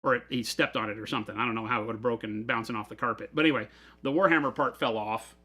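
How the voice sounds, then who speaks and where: A man's voice: medium pitch, fairly even intonation, very fast, bright, forceful tone, husky. A man hosting a hobby store livestream, chatting and rambling through stories while he builds models in his office. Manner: chatty, rambling storyteller who laughs often. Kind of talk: casual live chat while building models.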